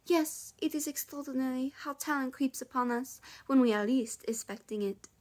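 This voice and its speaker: Woman putting on a showy French-accented drama teacher, higher pitched and grand. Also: moderate pace, a little mellow, natural voice. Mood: dramatic. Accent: put-on French.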